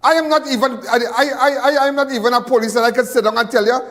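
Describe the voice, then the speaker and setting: Male crime-show host, very high voice, heated repetitive rant, reverberant room. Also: fairly even intonation, very fast, fairly bright tone. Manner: angry, repetitive, stumbling restarts. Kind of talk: impassioned live TV commentary.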